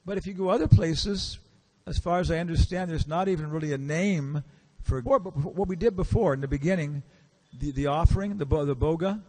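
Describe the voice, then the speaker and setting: A man's voice: fairly high pitch, a little fast, few pauses, darkish tone. A man giving a casual, storytelling lecture in a temple hall, acting out the characters he quotes and asking the audience questions. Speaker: visiting lecturer.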